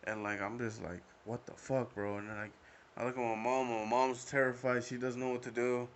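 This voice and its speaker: A man's voice: medium pitch, flat delivery, brisk, slight background noise. Rambling young man telling a story. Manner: rambling, full of fillers and swearing. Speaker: podcast host. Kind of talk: casual storytelling monologue.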